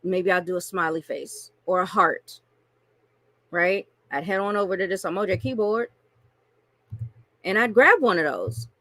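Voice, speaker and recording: A woman's voice: on the low side, measured pace, long pauses, pushed and bright, no room sound. A woman coaching online marketers through a screen-share tutorial, chatty and casual, often checking in with "right?" and "okay?".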